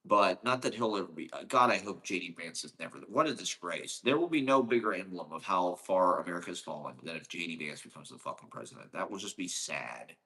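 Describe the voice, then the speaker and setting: Profane ranting man, bright voice. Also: deep voice, lively intonation, brisk, hardly any pauses. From Ohio. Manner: profane, sarcastic, rambling. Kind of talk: casual ranting monologue.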